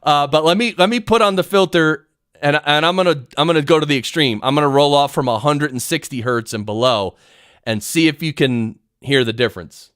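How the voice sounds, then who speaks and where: Excitable man teaching podcast audio. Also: fairly high pitch, brisk, smooth, dry recording, studio quality. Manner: rambling, excitable, self-interrupting. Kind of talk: live-streamed audio lesson. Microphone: studio mic through audio recorder.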